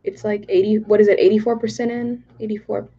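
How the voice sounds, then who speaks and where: A young woman talks casually to her livestream viewers from home, bubbly and quick to giggle as she reads their comments aloud. Her voice sits at a middling pitch, and the stream audio is a little dull and muffled. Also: flat delivery, breathy edge. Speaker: livestream host. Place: home in Texas.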